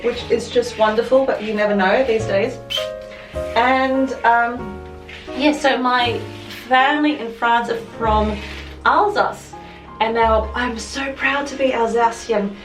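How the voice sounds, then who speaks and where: A woman's voice: fairly high pitch, steady tone, takes it slowly. Australian woman vlogger, chatty and self-correcting, echoey home room. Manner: chatty, rambling, corrects herself mid-sentence. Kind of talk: casual chat to camera. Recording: roomy echo, mic at a distance, music behind. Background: music.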